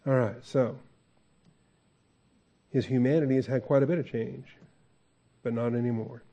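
A man's voice: mid-range voice, fairly even intonation, normal speed, mellow, muffled recording. A man preaching a conversational verse-by-verse sermon as a pastor, asking the congregation questions and chuckling often.

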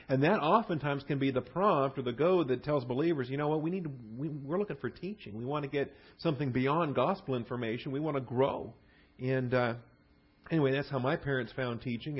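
A man with a somewhat husky voice delivers a verse-by-verse Bible sermon. He repeats key words for emphasis and often restarts his phrases. The recording sounds a little dull and lo-fi. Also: medium pitch. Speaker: Bible teacher.

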